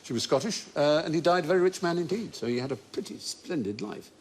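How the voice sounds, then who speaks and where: A man's voice: fairly high pitch, expressive, fast. An older man hosting a panel quiz show, telling anecdotes in an erudite, storytelling way and laughing often. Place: TV studio before a live audience. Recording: studio audience and faint noise.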